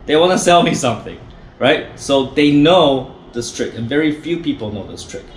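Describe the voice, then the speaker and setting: A man's voice: mid-range voice, expressive, normal speed, a little hiss or hum. A man coaching salespeople in a blunt, profane, pushy way, often checking in with "right?". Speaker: sales trainer and company managing director. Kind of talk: direct-to-camera sales coaching. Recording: echoey room with faint ambience.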